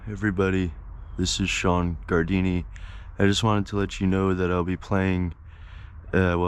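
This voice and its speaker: A man records a short promo for his stand-up show, speaking plainly and stumbling a little now and then. His voice is very deep and stays level, with little rise or fall. The tone comes through smooth and resonant. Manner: plain, slightly halting announcement. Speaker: comedian plugging a show.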